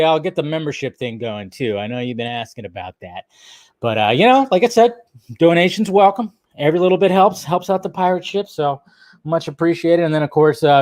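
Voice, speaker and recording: Male film-news streamer, casual and profane, rambles through viewer comments; slightly high voice, dry close sound. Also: no echo. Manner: rambling, loose and profane, talks straight to viewers.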